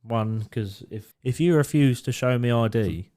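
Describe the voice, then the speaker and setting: A man's voice: medium pitch, unhurried, warm tone. A young man co-hosting a podcast, telling blunt, sweary stories from his security work with lots of laughter. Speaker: podcast co-host and door security worker. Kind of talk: casual storytelling chat.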